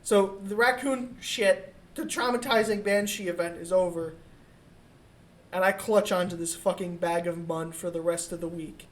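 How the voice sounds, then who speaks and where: A woman co-hosting a podcast, telling a comic story in a casual, profane and animated way. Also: lowish voice, normal speed. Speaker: podcast co-host.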